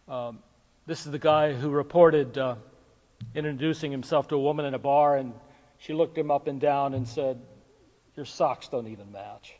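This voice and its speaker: A man preaching a sermon as pastor, talking casually and jokingly with filler pauses. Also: medium pitch, a little mellow. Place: church sanctuary. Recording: dull recording with long hall reverb.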